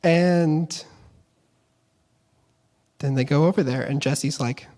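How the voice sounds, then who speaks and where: A man's voice: fairly high pitch, measured pace, pauses often, darkish tone. A young man casually retelling a Bible story at a chapel service, chatty and playful, slipping into character voices for the people in the story. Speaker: chapel speaker. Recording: long reverb of a chapel.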